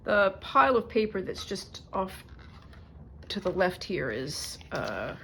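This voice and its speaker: Slow, chatty woman crafting aloud. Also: medium pitch, sing-song, bright, forceful tone, slight background noise. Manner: chatty, self-mocking, thinks aloud while working. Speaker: crafting vlogger. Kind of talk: casual crafting chat to camera.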